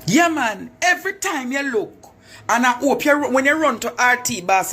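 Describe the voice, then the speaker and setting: A woman's voice: fairly high pitch, animated, normal speed, fairly bright tone, breathy edge. A Jamaican woman in a taunting, preacher-like monologue, repeating her phrases for effect. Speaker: vlogger. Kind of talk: confrontational monologue.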